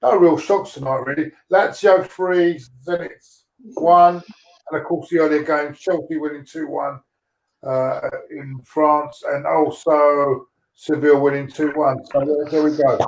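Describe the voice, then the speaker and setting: A man hosts a casual fan livestream and reads out scores plainly and matter-of-factly. His voice sits a touch high for a man, and the room around him rings with echo. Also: fairly even intonation, unhurried, a little hiss or hum. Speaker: fan show host.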